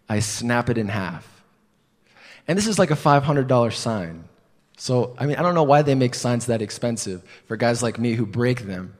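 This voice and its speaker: Man, preacher, sermon, conversational storytelling, rhetorical questions, self-deprecating, mid-pitched, long hall reverb.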